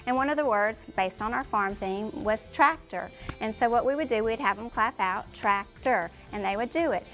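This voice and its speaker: A woman's voice: fairly high pitch, moderate pace, fairly bright tone, soft background music. Woman teacher describing a classroom lesson. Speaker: pre-K teacher. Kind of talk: interview recollection.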